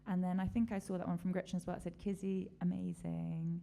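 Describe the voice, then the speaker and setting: A woman hosts a casual live-stream chat in a fairly low, steady, mellow voice, racing along as she talks. She rambles chattily, dropping in lots of fillers and little laughs.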